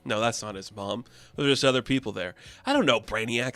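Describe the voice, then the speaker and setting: A man's voice: medium pitch, a little fast, hardly any pauses, a bit bright, no room sound. A man casually reviewing a comic issue with offhand, slangy asides. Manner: laid-back, offhand, recaps with slangy asides.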